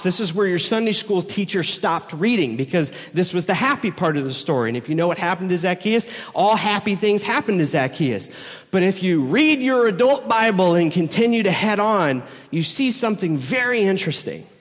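Male pastor, high-pitched, lively storyteller in a reverberant church hall. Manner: animated storytelling with acted crowd voices. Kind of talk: sermon. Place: church sanctuary. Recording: long reverb of a large hall.

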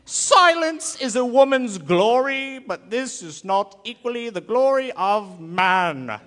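Guy doing a booming pompous ancient philosopher, loud and drawn out, big echoey church. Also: animated, exaggerated voice. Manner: slow, loud, declaiming.

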